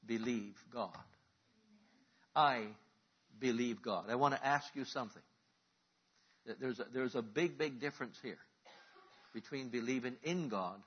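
Preacher guy, husky and a bit high, quiet questions that build to loud calls, muffled lo-fi sound. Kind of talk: sermon.

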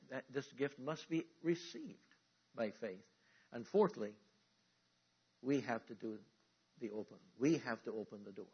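A man's voice: mid-range voice, breathy edge, lo-fi sound. A man preaching a sermon, teaching step by step and calling on the congregation to answer him. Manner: animated preaching, calls for audience responses. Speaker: pastor.

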